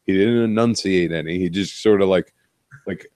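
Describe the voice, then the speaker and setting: A man's voice: lowish voice, brisk, a little mellow, no echo. A man co-hosting a casual podcast, telling exasperated, profane stories about bar customers. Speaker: podcast co-host, bartender. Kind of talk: casual chat.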